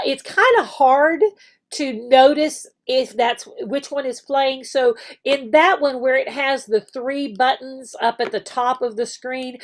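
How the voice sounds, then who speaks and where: A woman teacher casually explaining how an online classroom works, with frequent fillers and restarts. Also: high-pitched. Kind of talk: screen-share tutorial walkthrough.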